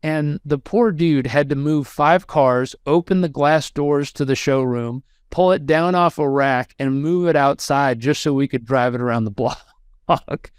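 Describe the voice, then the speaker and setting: Animated man telling a story, crisp voice. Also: on the high side, unhurried, dry recording, clean studio sound. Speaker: guest. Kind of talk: storytelling in a podcast interview.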